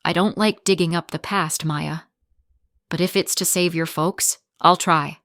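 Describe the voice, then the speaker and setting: Tired regretful older guy, low heavy voice, woman reading. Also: fairly even intonation, measured pace, a bit bright, dry recording, studio quality. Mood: somber. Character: older man, weary and regretful.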